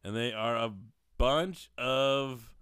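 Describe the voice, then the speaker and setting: A young man co-hosting a podcast in relaxed, teasing banter. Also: medium pitch, takes it slowly, clean tone, dry recording. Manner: laid-back, teasing. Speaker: podcast co-host. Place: small room, in person. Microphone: podcast mic.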